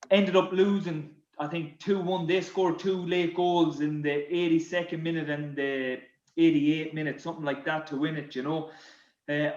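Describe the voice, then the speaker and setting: A man's voice: fairly high pitch, roomy sound, highs cut off. Man telling football stories. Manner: animated, repeats words, laughs at his own stories. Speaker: podcast guest, former footballer. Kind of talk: anecdotal storytelling.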